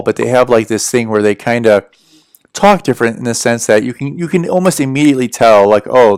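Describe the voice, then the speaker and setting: A man's voice: medium pitch, clean tone, no echo, studio quality. Chatty American man on a livestream. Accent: General American. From United States. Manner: rambling, chatty, answers viewer questions. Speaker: livestream host. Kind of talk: casual livestream chat.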